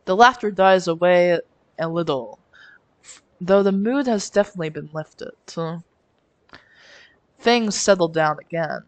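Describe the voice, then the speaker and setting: A woman's voice: lowish voice, a little slow, pauses often, dry recording. A woman streamer reading a visual novel aloud with her own asides, giggling and stumbling over words now and then. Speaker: let's play streamer.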